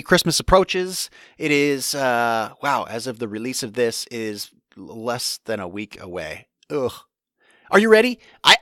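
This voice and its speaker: A man's voice: mid-range voice, bright, forceful tone, no room sound. Guy rambling thru his solo podcast, restarts a lot, dry close mic. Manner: rambling, restarts often, candid. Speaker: podcast host.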